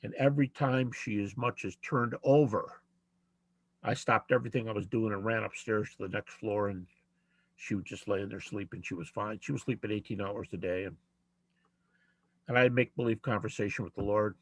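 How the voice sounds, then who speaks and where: An older man answering audience questions, telling a personal story in a reflective, halting way with many pauses. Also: lowish voice, steady tone, no room sound. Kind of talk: personal testimony in a Q&A.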